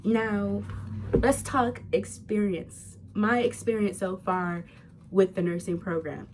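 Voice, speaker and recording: A woman's voice: fairly high pitch, big pitch swings, takes it slowly. A young woman, a nursing student, talking candidly and chattily to her viewers in a casual vlog. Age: young adult.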